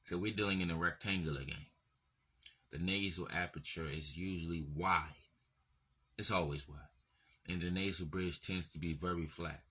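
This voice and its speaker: A man's voice: low voice, fairly even intonation, moderate pace, pushed and bright. A man giving an emphatic, profanity-laced lecturing monologue with lots of repetition. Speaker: channel host.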